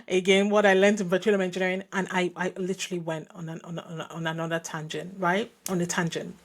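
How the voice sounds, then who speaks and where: A woman's voice: lowish voice, flat delivery, fast, gravelly, few pauses, breathy edge. A woman from Nigeria hosting a podcast, telling a personal story in a reflective way with frequent restarts and asides. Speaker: podcast host.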